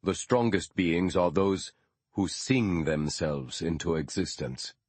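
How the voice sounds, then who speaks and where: A man reading the part of a calm, wise Lakota man who speaks slowly and gravely. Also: low voice, no room sound, exaggerated voice.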